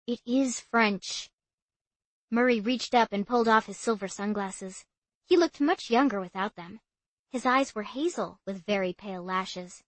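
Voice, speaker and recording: A woman reading a first-person story aloud in an expressive, animated way. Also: medium pitch, normal speed, no echo. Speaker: audiobook narrator.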